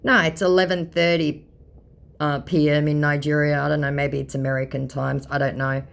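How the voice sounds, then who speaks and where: A woman's voice: sits low, flat delivery, normal speed, vocal fry, clear, resonant tone. A woman reading out a chat with a scammer, adding sarcastic, exasperated commentary. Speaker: scambaiter content creator.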